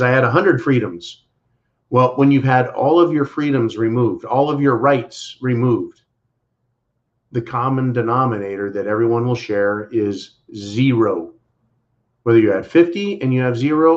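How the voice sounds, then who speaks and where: A man co-hosting a livestream, giving casual political commentary in an emphatic, repetitive way and speaking to viewers as "folks". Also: mid-range voice. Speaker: livestream co-host. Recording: dull lo-fi livestream audio.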